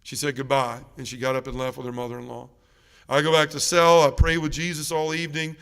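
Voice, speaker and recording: A man giving an earnest, emotional faith testimony at a parish mission, dropping soft and low in the heavy moments. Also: little pitch movement, fairly quick, clear, resonant tone. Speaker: guest speaker at a parish mission. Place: church. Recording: reverberant church sanctuary.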